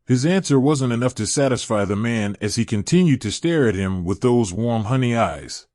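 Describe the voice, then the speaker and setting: A man reading fan fiction aloud in steady scripted narration. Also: medium pitch, normal speed, few pauses, no room sound, studio quality.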